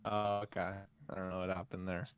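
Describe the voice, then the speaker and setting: A man co-hosting a casual podcast over a voice call, easygoing and quick to laugh. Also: sits low, level tone, clear, resonant tone. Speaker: podcast co-host. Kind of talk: casual chat. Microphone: remote call mic.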